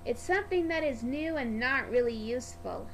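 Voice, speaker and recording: A woman's voice: on the high side, expressive, moderate pace, slight background noise. A woman voicing a stubborn male tank engine who huffs dismissively. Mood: huffy. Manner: huffy, dismissive.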